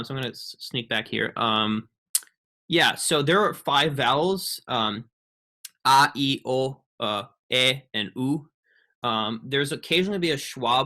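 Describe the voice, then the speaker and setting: Young male student presenter, bright voice, halting, filler-heavy delivery. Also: mid-range voice. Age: young adult. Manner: halting, many ums and restarts. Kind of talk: casual online presentation.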